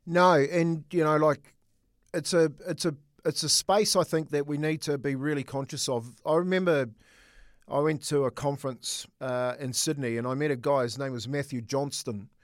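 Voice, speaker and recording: A man's voice: a little high, fairly even intonation, normal speed, no room sound, studio quality. A middle-aged man co-hosting a casual sports chat, telling a personal story earnestly with many restarts. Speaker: co-host.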